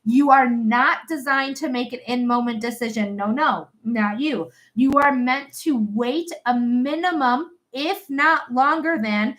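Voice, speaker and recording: A woman's voice: fairly high pitch, normal speed, hardly any pauses, a bit bright. A young woman giving a live psychic reading in a chatty, blunt way, swearing casually. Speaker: psychic reader.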